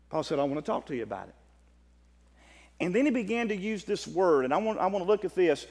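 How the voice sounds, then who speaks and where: A Southern American preacher delivers a sermon in a high voice, swinging between loud stretched-out proclamations and hushed rapid asides. His voice carries a long reverb, as though filling a large hall. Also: sing-song. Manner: impassioned, swings from loud drawn-out declarations to quiet fast asides.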